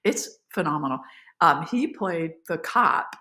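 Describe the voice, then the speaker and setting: Woman, actress guest, deep low voice, animated, emotional storyteller, casual interview. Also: unhurried. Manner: animated, emotional, many fillers.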